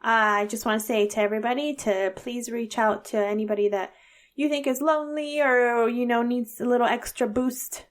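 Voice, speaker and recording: A woman's voice: a little high, normal speed. A woman in her thirties co-hosting a podcast, chatting casually and acting out voices as she tells stories. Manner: animated storyteller, acts out voices. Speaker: podcast co-host. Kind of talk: casual chat.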